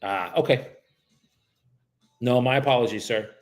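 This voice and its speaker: A man's voice: mid-range voice, unhurried. A man from the United States, a real estate agent, making cold calls and chatting casually between them, profane and joking. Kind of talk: livestreamed cold calling with running commentary.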